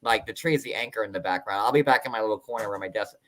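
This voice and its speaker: A man hosting a casual show, chatting about a reality series from his desk at home. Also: lowish voice. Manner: animated, chatty, quick asides. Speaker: host. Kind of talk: casual recap chat.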